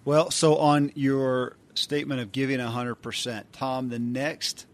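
A man's voice: medium pitch, level tone, measured pace. A man co-hosting a podcast, talking conversationally and promoting an upcoming course. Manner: conversational, with frequent uh fillers. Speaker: podcast co-host.

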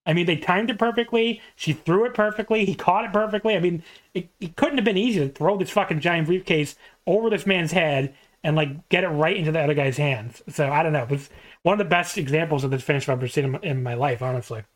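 A podcast host in relaxed conversation who tells the story with lively energy and breaks into laughter again and again. The pitch sits in an everyday middle range. The talk keeps rolling, full of little asides. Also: fast. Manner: animated retelling with frequent laughter. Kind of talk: casual chat, recapping a wrestling match.

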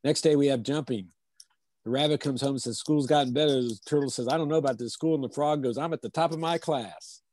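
A man coaching on a video call, calm and measured as he explains and tells a teaching story. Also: medium pitch, no echo.

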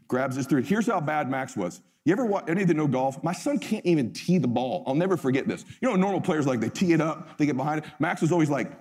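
A man's voice: fairly high pitch, a little mellow, in a large hall. A middle-aged man giving a motivational talk. He tells the story intensely and emphatically, and he swears freely. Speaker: motivational speaker.

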